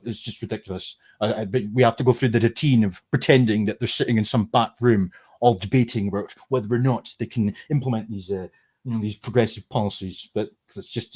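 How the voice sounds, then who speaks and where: A Scottish man hosts a casual livestream, ranting sarcastically and swearing freely. His voice is lowish, husky and darkish in tone, and he talks briskly.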